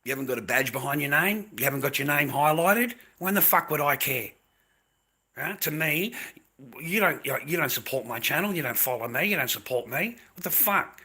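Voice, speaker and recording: A man's voice: on the high side, lively intonation, normal speed, bright, forceful tone. A middle-aged Australian man ranting bluntly to his livestream chat, swearing freely as he rambles.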